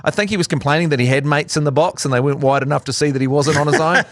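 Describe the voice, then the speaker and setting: A man with a New Zealand accent co-hosting a sports podcast, chatting in a joking, animated way with crude humour. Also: fairly high pitch, rapid-fire, no echo. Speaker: podcast co-host. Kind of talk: casual sports banter.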